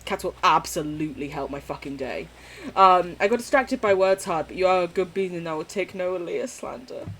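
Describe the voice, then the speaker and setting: A woman's voice: on the low side, a little fast, a bit bright. A young woman streaming a game, chatting casually and rambling, swearing freely with sudden squeals. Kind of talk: casual chat while gaming on stream.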